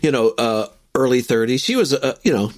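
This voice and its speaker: Animated male podcast co-host. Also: medium pitch, fairly quick. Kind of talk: casual chat.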